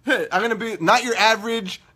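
Loud, joking young man with a bright voice. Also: high-pitched, moderate pace, breathy edge. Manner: loud, profane, joking, laughs often. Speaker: online radio show host. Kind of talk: casual live-stream chat with viewers.

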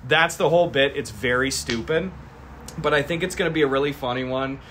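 A young man streaming from his garage, casually pitching a comedy sketch and acting out both sides of the scene. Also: a little hiss or hum. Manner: animated, acts out both sides of the scene in quick voices.

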